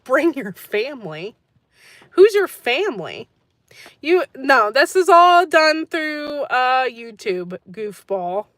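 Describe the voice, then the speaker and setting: A woman's voice: high voice, big pitch swings, takes it slowly, fairly bright tone, dry recording. A woman hosting a gardening channel, chatting casually on a live stream and answering viewer comments, rambling and laughing often.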